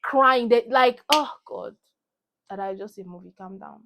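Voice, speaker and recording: A young woman with a Nigerian accent rants about a film straight into her phone camera. Her voice sits a little high, and she drives her points home by saying them again and again. It has the loose, heated energy of a casual vlog. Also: unhurried, background noise. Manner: heated, emphatic, repeats herself for emphasis. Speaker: vlogger. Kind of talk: animated movie rant.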